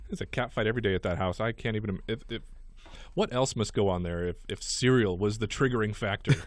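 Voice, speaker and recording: A man's voice: lowish voice, quick pace, no echo. A man hosting a casual comedy radio show, reading odd news stories aloud with wry asides.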